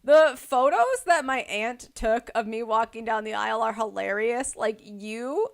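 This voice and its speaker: A young woman with a fairly high voice talks in a loose, chatty way. She co-hosts a casual podcast and strings her stories together with frequent fillers. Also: unhurried, gravelly. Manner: chatty, many "like" fillers, lively storytelling. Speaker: podcast co-host. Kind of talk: casual chat.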